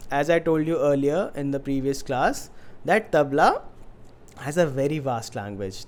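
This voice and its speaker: A man teaching a tabla lesson, patiently explaining and speaking drum syllables with clear stress, with tabla playing heard in the background. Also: a little high, darkish tone.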